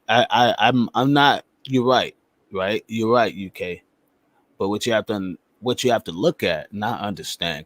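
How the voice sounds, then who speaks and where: A man's voice: deep voice, dry recording. A man hosting a podcast in loose, casual chat, swearing freely and often checking in with the listener. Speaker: podcast host.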